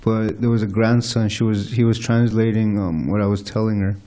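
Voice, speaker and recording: A man speaks up from a class audience with a personal story. His voice is mellow and fairly low, and his delivery is casual and halting, filled with small fillers as he recalls events. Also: fairly even intonation. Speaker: devotee in the audience.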